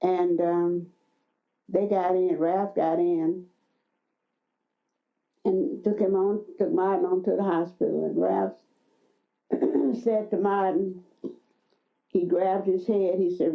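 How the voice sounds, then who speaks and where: An older woman slowly recounting a personal memory in an interview, often quoting what others said. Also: lowish voice. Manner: slow storytelling, quoting others. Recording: dull lo-fi sound.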